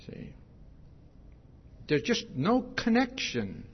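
Speaking slowly, a man whose voice sits high and is slightly rough swings hugely in pitch as he preaches an expository sermon verse by verse. He often finishes points with "see?" and repeats and restarts phrases. The recording quality is dull and lo-fi.

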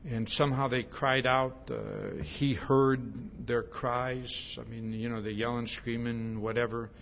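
A man preaching a sermon in a relaxed, conversational way, retelling a story with animated asides and frequent restarts. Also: mid-range voice, measured pace, creaky, slight background noise. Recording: dull lo-fi recording.

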